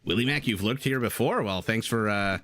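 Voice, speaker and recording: A man's voice: lowish voice, brisk, a bit bright. A man casting a strategy game live, chatting and laughing with his viewers between plays. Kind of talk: live esports commentary with chat.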